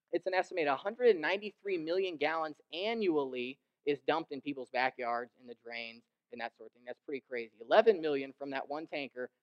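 A young man preaching a sermon, animated and conversational, who slips into mimicking the people he describes and rises in pitch and volume to drive a point home. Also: lo-fi sound. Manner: animated, mimics others in quoted asides, rises in pitch and volume when emphatic. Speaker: pastor.

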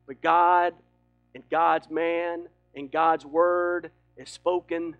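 A man preaching a sermon with emphatic delivery that swings between loud and hushed. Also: on the high side, level tone, slow pace, clear, resonant tone, highs cut off, soft background music. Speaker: pastor.

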